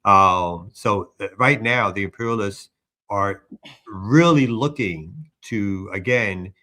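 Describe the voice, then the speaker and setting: A man's voice: lowish voice, slow, sharp tone. A man hosting a morning show, talking through a news story in an earnest, discursive way. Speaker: news commentary host. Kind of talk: political news commentary.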